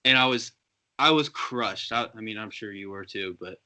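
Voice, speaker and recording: A man's voice: on the low side, normal speed, sharp tone. A man hosting a podcast, giving short encouraging prompts to his guest in a casual interview. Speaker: podcast host.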